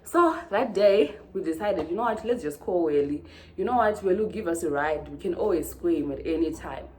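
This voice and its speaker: A woman from Zimbabwe, telling a storytime vlog in an animated way and acting out the dialogue. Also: fairly low pitch, a little fast, slight background noise. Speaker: vlogger.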